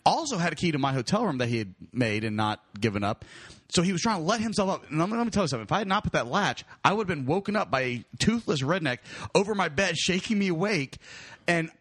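A man's voice: a little high, big pitch swings, fast, a bit bright, slightly rough, no echo, clean studio sound. A man in casual chat, animatedly telling a story and acting out the voices of the people in it. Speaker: podcast host, comedian.

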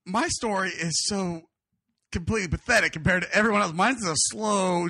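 Man, podcast host, rapid talk, bright husky voice, dry close sound, crude laughing storyteller. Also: sits high, no room sound. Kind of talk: casual storytelling chat.

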